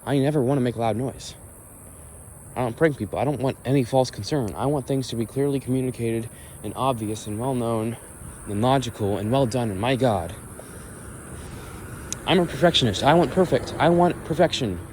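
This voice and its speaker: A man's voice: mid-range voice, normal speed, darkish tone, slight background noise. A young man ranting in exasperation during a walk-and-talk vlog, recorded outdoors at dusk. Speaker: vlogger.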